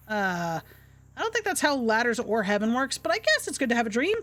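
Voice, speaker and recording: A woman's voice: a little high, sing-song, brisk, fairly bright tone. A woman streaming a game live, reading its text aloud and chatting casually, stumbling over words.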